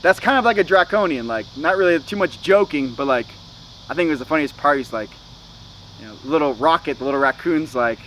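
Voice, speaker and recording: A man's voice: a little high, animated, moderate pace, a bit bright, a little hiss or hum, poor audio. A young man hosting a spiritual vlog, talking in a loose, slangy way with many "you know"s and "okay"s. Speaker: spiritual channel host. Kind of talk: casual spiritual vlog talk.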